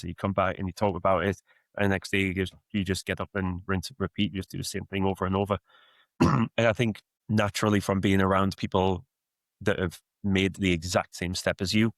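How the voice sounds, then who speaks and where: Man, softened Geordie accent, thirties, low voice, dry close sound, rambling and reflective. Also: no echo. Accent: Geordie, softened by years in the US. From Newcastle, England. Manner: reflective, rambling with many fillers. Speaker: guest, football coach. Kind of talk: casual podcast interview.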